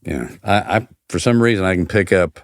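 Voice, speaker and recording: Older male podcast guest, deep smooth voice, dry close sound, easy storyteller. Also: fairly quick, no room sound. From New York. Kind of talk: casual podcast chat.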